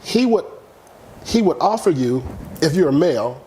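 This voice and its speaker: A middle-aged man talks through a story as a guest, slipping into other people's voices for the quotes. His voice sits a little high for a man. A faint hiss runs behind him. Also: moderate pace. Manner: animated storyteller who acts out quotes. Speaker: real estate guest. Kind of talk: casual storytelling interview.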